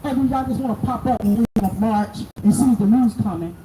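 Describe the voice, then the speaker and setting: Speaking fast in a fairly high voice over loud background music, a middle-aged mother mourning her child rages at a crowd during an outdoor protest near city hall. The sound is distant, echoing and noisy.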